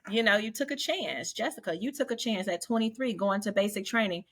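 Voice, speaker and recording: A woman's voice: medium pitch, fairly quick. Earnest talkative woman hosting a chat. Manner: earnest, preachy, laughs often. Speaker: podcast host. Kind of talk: casual group chat.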